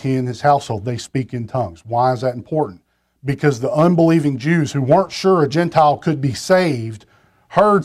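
A man's voice: mid-range voice, darkish tone. A man preaching a sermon from a pulpit, talking in a conversational way with restarts and side remarks to the congregation. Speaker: pastor.

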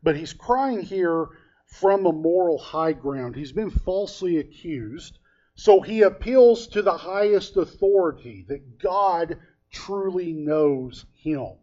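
A man's voice: on the high side, animated, slow pace, warm tone. A man preaching a conversational sermon, telling stories in a folksy way with frequent hesitations. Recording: dull lo-fi recording.

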